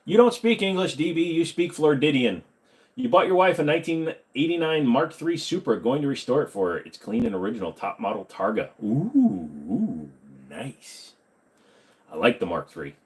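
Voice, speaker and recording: A man's voice: a little high, lively intonation, fairly quick. A man hosting a casual livestream Q&A, reading chat questions aloud, joking and rambling, correcting himself as he goes. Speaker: host.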